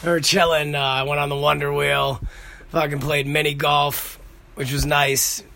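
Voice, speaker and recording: A man rambles through stories on his podcast, swearing freely. His voice is bright and sits a little high, with a gravelly, frying edge. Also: level tone, normal speed. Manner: profane, rambling storytelling. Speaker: podcast host. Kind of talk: casual monologue.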